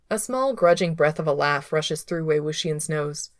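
A woman reading a story aloud in a steady, unhurried way, close to the microphone. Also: deep voice, no room sound. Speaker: reader of fan fiction. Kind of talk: audiobook narration.

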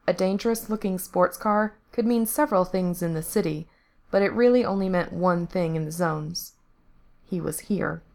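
A woman reading fiction aloud in a steady, even narration. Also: lowish voice. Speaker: story reader. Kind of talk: audiobook-style fiction reading.

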